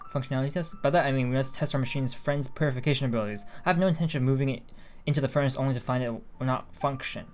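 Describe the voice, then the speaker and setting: A man's voice: medium pitch, rapid-fire, a little mellow, a little hiss or hum, lightly acted. A man reading out an earnest game scientist. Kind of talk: reading game dialogue aloud.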